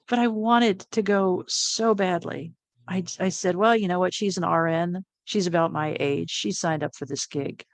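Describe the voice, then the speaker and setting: A middle-aged woman recounts a personal experience as an interview guest, animated and quick to laugh, slipping into the voices of the people she quotes. Her voice sits at a medium pitch and is recorded dry and close, with no room sound. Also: no echo. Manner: animated, laughs often, acts out quoted lines. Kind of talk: personal storytelling.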